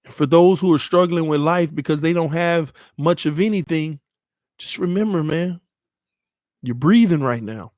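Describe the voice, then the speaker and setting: A man's voice: on the high side, steady tone, moderate pace, darkish tone, dry recording, clean studio sound. A man hosting a sports channel, giving an earnest, emotional motivational talk to his viewers, often repeating phrases and calling them "man" and "y'all", shaken after hours of crying.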